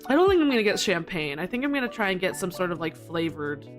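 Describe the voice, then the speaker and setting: A woman streamer chatting casually to her live audience, rambling with lots of giggles and jumping up into squeaky protests when flustered. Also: sing-song, fast talker, soft background music. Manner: giggly, rambling, with frequent laughter.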